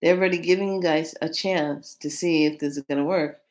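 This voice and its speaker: A woman who reads tarot cards, chatting casually to the camera and retelling what happened with a client in an animated way. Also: deep voice, fairly quick. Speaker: tarot card reader.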